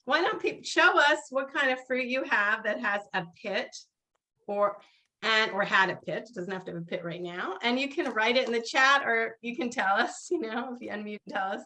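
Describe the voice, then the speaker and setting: A woman's voice: on the high side, normal speed, pushed and bright. A woman rabbi leading a seder over a video call, chatty and laughing often, chanting Hebrew blessings.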